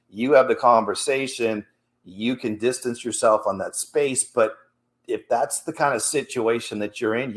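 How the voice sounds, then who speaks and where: A middle-aged man hosting a fitness show, talking casually and in a motivational way, growing animated when he tells stories. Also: on the low side. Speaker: fitness coach and show host.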